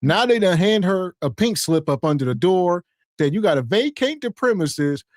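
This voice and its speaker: A man's voice: sits high, big pitch swings, normal speed, no echo, clean studio sound. A man hosting a podcast, talking in a scolding, sarcastic way. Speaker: podcast host. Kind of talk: casual commentary.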